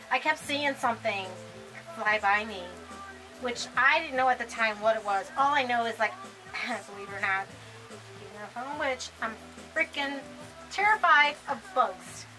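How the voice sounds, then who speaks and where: A woman's voice: fairly high pitch, measured pace, long pauses, over music, rough recording. A woman co-hosting a casual chat, telling a story with lots of stammering restarts and laughter. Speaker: co-host of a spiritual shop channel.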